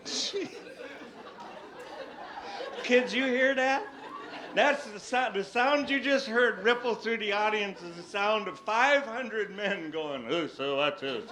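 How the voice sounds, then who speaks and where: A man from Tennessee doing stand-up, telling a long story in an animated, exaggerated way. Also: high-pitched, slow, pauses often, a crowd in the background, background noise. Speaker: stand-up comedian. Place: stage before a live audience. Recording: live stage with audience laughter.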